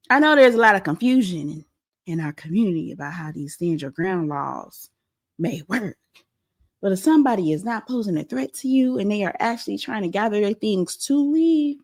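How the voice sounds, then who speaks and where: A young adult woman hosting a pop-culture commentary show, animated and blunt, acting out quotes as she goes. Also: fairly high pitch. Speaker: host.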